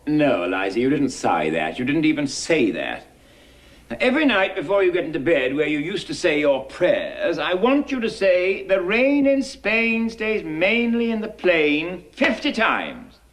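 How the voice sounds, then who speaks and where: An actor in a 1960s musical film portrays a demanding, impatient male phonetics professor, hectoring his pupil with precise diction during speech drills. The voice is fairly high and fairly bright, with huge pitch swings, a moderate pace, and few pauses.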